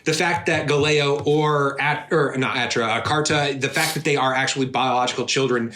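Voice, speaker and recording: A man's voice: mid-range voice, steady tone, normal speed, sharp tone, roomy sound. A man co-hosting a casual podcast from home, recapping the plot in a thoughtful, hedging way. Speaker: podcast co-host.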